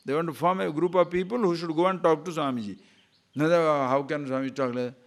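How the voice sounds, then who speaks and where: An older man gives a spiritual teaching talk, telling stories in an animated way and laughing often. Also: a little high, fast. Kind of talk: scripture talk.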